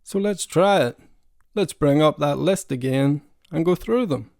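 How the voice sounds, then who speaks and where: A man's voice: on the high side, animated, a little slow, creaky, darkish tone, dry recording, studio quality. A man who is a language learner, giving a casual pronunciation lesson and repeating sounds to demonstrate them.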